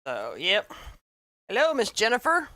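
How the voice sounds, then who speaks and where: A woman's voice: fairly high pitch, huge pitch swings, a little slow, pushed and bright, dry recording. A woman with a Southern American accent hosting a casual livestream craft tutorial, chatting and greeting viewers by name. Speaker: livestream host, wreath maker.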